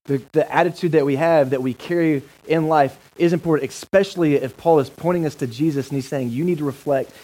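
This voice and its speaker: A man's voice: on the high side, fairly quick, hardly any pauses, warm tone, low-quality recording. A male pastor giving a sermon in a casual, enthusiastic, joking manner.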